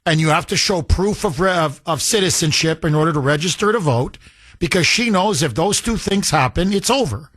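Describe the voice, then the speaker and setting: A man's voice: a little high, expressive, fairly quick, fairly bright tone, breathy edge. A man hosting a political call-in radio show, talking emphatically and rambling through asides. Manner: emphatic, rambling, laughs at his producer. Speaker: radio talk show host.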